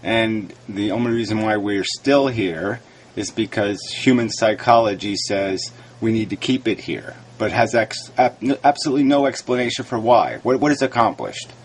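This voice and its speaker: A man's voice: lowish voice, normal speed, slightly rough. A man ranting into his camera, frustrated and argumentative, raising his voice and swearing as he rebuts a critic. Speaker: video blogger replying to critics. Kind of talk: argumentative video rant.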